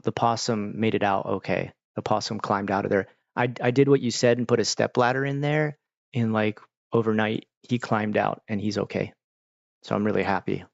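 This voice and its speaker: A man in his thirties chatting casually as a host, animated and profane, often breaking into exaggerated voices. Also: lowish voice, gravelly, no room sound. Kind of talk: casual rambling chat. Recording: dull lo-fi dry sound.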